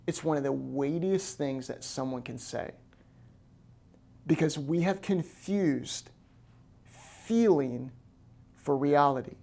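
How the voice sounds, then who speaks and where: An American man in the role of pastor, preaching a lively sermon and acting out quoted voices. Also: high voice, moderate pace.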